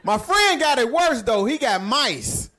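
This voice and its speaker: A man's voice: extremely high pitch, sing-song, measured pace, sharp tone. A man doing a stand-up comedy set, telling jokes in a laid-back, vernacular storytelling manner.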